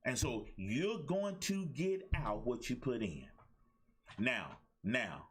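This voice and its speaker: Male motivational host, husky, sermon-like repetition, lively pitch. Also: slow pace. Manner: preachy, repetitive, call-and-response asides. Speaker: life coach and talk show host. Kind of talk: motivational livestream talk.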